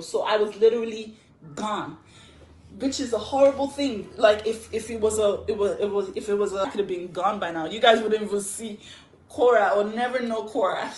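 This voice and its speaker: A woman casually telling a story on a phone livestream, chatty and animated, laughing often. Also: mid-range voice, a little hiss or hum. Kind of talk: casual live story time.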